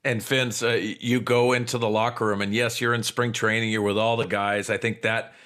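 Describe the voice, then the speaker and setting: A man co-hosting an interview, asking halting questions and restarting them. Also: fairly low pitch, level tone, a bit bright. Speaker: interviewer, co-host.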